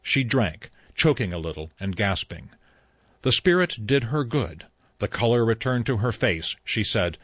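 A male audiobook narrator with a low voice and a lively, expressive line. He tells the story in an even, unhurried way. The recording is dry and close, slightly dull in tone. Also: no room sound. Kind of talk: scripted narration.

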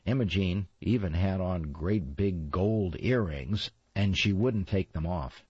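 A man narrating a storybook in a wry, lively way. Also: low-pitched, slow pace, breathy edge, no echo. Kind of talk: storybook reading. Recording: slightly dull, dry recording.

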